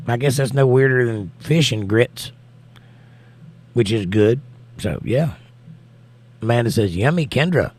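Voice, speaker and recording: Slow, easygoing man reading chat. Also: medium pitch, expressive, a little mellow. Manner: reads viewer comments aloud and answers them. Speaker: livestream host reading chat. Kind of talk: casual chat.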